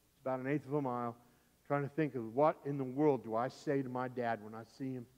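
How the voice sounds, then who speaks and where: A middle-aged male pastor preaching a sermon through a vivid personal story, swinging from loud, urgent lines to hushed ones. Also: mid-range voice, fairly even intonation, brisk. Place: church sanctuary. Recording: dull, echoey church recording.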